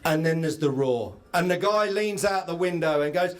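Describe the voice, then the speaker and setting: An English man hosting a live event tells comic stories on stage to an audience and interviews guests in a chatty manner. His voice has a fairly high pitch, and he speaks at normal speed.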